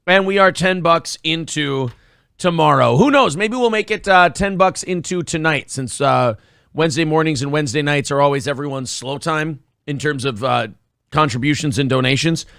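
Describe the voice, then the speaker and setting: A man's voice: fairly high pitch, moderate pace, gravelly, a bit bright, smooth, dry recording, studio quality. A man hosting a morning talk show, chatting casually in a blunt, profane way. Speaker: host. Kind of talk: casual chat.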